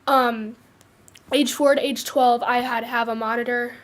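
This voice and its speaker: Casting note: teenage girl with a high voice, halting personal vlog talk. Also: fairly even intonation. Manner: hesitant, many fillers and restarts. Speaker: vlogger sharing her cancer story. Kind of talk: casual personal storytelling.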